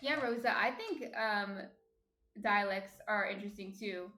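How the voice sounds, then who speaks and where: A woman's voice: medium pitch, a little slow, pushed and bright, slight background noise. A woman with a New Jersey accent, chatting casually on a baking stream and reading viewer comments aloud. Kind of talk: casual chat while baking. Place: home kitchen. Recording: echoey room.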